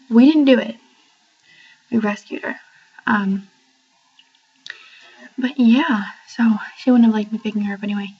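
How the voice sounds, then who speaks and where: A woman's voice: fairly high pitch, darkish tone, slightly rough, dull audio. A young woman filming an awkward, rambling video message at home. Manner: awkward, rambling, self-conscious. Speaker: vlogger. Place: family home, near the kitchen.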